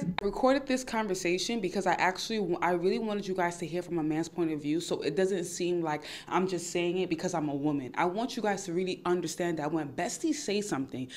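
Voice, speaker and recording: A woman's voice: fairly low pitch, fairly quick. A Nigerian woman hosting an advice podcast, emphatic and straight-talking, repeating her points. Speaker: podcast host.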